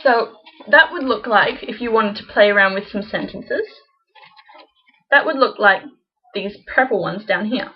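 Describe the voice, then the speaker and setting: A woman teaching a casual beginner language lesson, chatty, slowly repeating example phrases. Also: medium pitch, breathy edge, lo-fi sound.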